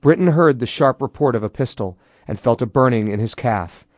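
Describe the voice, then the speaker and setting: A man's voice: mid-range voice, lively intonation, a little fast, darkish tone, no echo, studio quality. A man, the author, giving a dramatic reading of his own novel and voicing the characters' dialogue with rising intensity.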